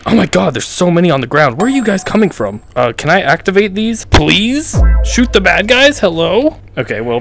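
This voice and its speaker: A young man giving playful, excitable commentary while playing a VR game. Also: fairly high pitch, vocal fry. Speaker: gaming YouTuber. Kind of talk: VR gameplay commentary.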